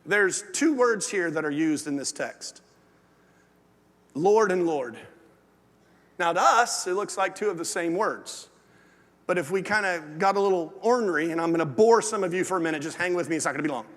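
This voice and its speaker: A man preaching a sermon to his church. His delivery swings from lively and loud to low and hushed. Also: moderate pace. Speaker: pastor. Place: large church sanctuary. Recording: long hall reverb.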